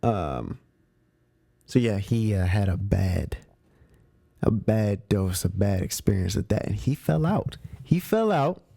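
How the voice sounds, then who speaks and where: A man's voice: on the low side, very animated, slow, gravelly, warm tone, no room sound, clean studio sound. A man hosting a movie review show, chatting casually about spoilers in slang, often repeating himself and restarting his sentences.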